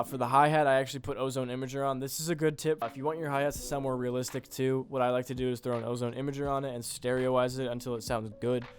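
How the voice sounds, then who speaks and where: A young man casually walking through how he made a beat, laid-back and rambling, with offhand swearing. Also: mid-range voice. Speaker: beat producer. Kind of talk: casual screen-recorded tutorial.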